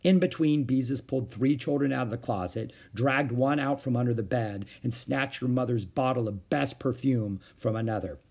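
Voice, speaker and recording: A man reading a children's book aloud in an expressive storytelling manner. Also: medium pitch, moderate pace, hardly any pauses, slightly rough.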